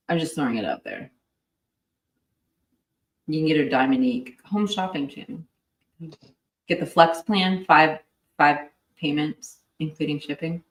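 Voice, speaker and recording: A chatty woman co-hosts a true crime livestream, laughing often and filling her sentences with "like." Her voice sits fairly low. She sounds set back from the mic in a roomy space. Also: far from the mic. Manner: chatty, quick to laugh, lots of "like". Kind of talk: casual livestream chat.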